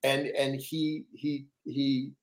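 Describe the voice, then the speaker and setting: An older man, a guest author, tells stories casually and ramblingly, repeating words and laughing. His mid-range voice is slow and delivered flatly.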